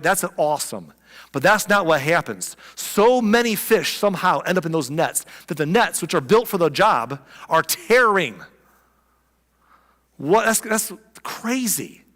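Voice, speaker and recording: Animated male pastor in a ringing church. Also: sits high, normal speed, in a large hall. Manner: animated, conversational, emphatic. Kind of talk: sermon.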